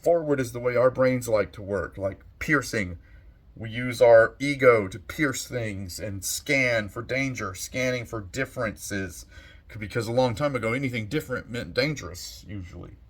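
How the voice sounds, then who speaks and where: A man giving a slow, thoughtful monologue as a channel host, soft-spoken and unhurried. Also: medium pitch. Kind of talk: reflective monologue.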